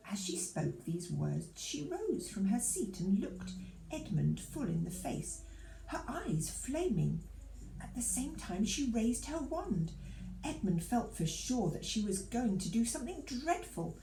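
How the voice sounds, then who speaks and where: A woman reading a children's storybook aloud to a church audience in an expressive, lively manner. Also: on the high side, measured pace, creaky, reverberant, background noise.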